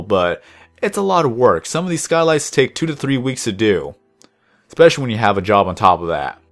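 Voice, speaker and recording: A young man rambling through casual commentary over his gameplay video, deliberately lifting his voice above his natural low tone. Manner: rambling, chatty, self-reflective. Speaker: gaming channel host.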